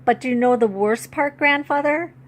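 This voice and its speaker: A woman voicing a young Ojibwe girl who is upset and defiant, pleading in a high, tearful voice. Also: moderate pace.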